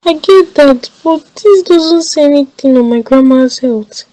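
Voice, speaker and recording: A woman's voice: sits high, a little slow, warm tone, low-quality recording. A woman with a Nigerian accent playing a young woman caring for her sick grandmother, talking in an earnest, anxious way. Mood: worried.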